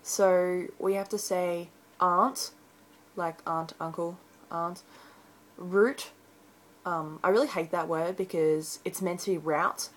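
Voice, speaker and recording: A teenage girl from Brisbane speaks with a broad Australian accent, her voice pitched a little on the low side. She chats casually to her webcam, rambling and filling pauses with ums as she works through a word list. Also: steady tone, rough recording. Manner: chatty, rambling, frequent ums. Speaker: vlogger. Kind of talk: casual accent-tag video.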